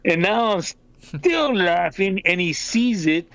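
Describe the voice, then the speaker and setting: Older guy, podcast storyteller, animated and foul-mouthed, slightly higher voice. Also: slow pace, dry recording. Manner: animated, swearing, laughing through the story. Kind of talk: casual storytelling chat.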